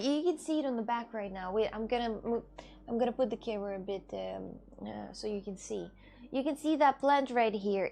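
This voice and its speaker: A young woman streamer chats casually to her viewers, answering their questions as they come in. Her medium-pitched voice has a gravelly fry to it, and faint music plays quietly behind her. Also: fairly quick. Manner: chatty, reads and answers chat questions. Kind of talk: casual live-stream chat.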